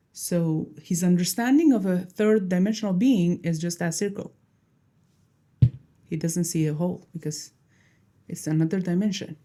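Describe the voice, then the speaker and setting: Animated woman explaining with a mellow voice. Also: mid-range voice. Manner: animated, acts out little dialogues, laughs at herself. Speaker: teacher. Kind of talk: casual explanatory talk.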